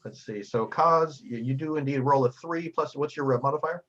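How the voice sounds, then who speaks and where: A man's voice: medium pitch, normal speed, fairly bright tone. A man running a tabletop game as game master, stammering and repeating words, on a dull lo-fi recording.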